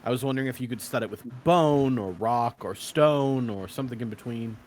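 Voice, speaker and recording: A man's voice: mid-range voice, fairly quick, darkish tone, a little hiss or hum. A man playing in a tabletop game, speaking hesitantly with many "uh"s. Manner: hesitant, full of uhs. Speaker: player.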